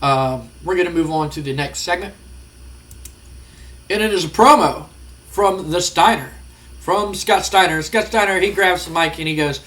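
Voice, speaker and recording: A man's voice: a little high, moderate pace, long pauses, a bit bright. A man giving rambling, casual let's-play commentary, full of fillers. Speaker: gaming channel host.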